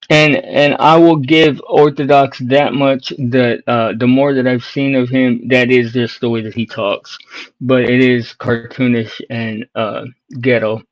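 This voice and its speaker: A man's voice: mid-range voice, little pitch movement, a little slow. Blunt mocking man, lo-fi stream audio. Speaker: panelist. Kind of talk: casual livestream panel chat.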